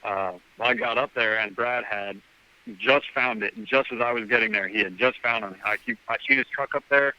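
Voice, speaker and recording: A man's voice: on the low side, normal speed, pushed and bright, highs cut off. A man as a podcast guest, telling a rambling story and acting out the dialogue with "I'm like" quotes. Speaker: guest hunter. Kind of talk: casual storytelling.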